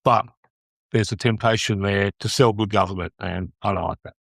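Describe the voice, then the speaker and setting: Blunt, low-voiced man. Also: steady tone, normal speed, creaky, fairly bright tone, no echo, studio quality. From Australia. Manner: blunt, outspoken. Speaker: guest, lobbyist. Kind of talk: podcast interview.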